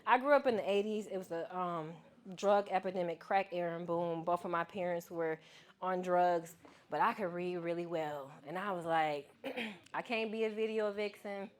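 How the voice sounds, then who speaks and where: A woman's voice: lowish voice, moderate pace. A woman giving a keynote to students, talking casually and playfully, calling on people in the audience. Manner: lively, playful, calls on the crowd. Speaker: keynote speaker. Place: event hall with an audience.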